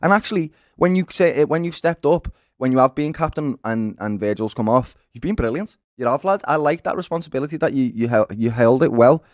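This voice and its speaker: A man's voice: mid-range voice, lively intonation, fairly quick, few pauses, no room sound, studio quality. A man with a Liverpool accent co-hosting a football fan show, talking emphatically and passionately and often calling people "lad" and "brother". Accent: Liverpool (Scouse). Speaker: football fan-channel co-host. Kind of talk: animated football fan discussion.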